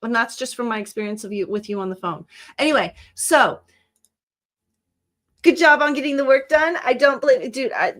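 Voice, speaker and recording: A woman's voice: sits high, expressive, normal speed, long pauses, fairly bright tone. A woman hosting a live stream in casual chat, her accent mixing Californian with a Southern twang, rambling and laughing as she talks. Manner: chatty, rambling, laughing asides.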